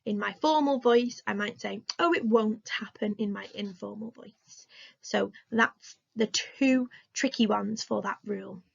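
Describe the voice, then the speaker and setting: An English woman teaching a recorded remote lesson to young children, speaking slowly, clearly and encouragingly. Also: a little high, lo-fi sound. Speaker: primary school teacher.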